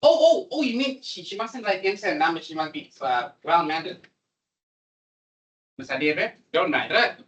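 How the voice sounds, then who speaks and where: A man giving a classroom programming lecture, animated and repetitive as he coaxes his students along. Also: fairly high pitch, normal speed, pauses often. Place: lecture room. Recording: voice distant from the mic.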